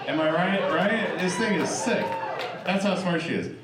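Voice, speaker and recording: In a roomy live club recording, a middle-aged man does profane, chatty stand-up with crowd work, his high voice at a moderate pace. He sounds far from the stage microphone, with background noise and audience laughter.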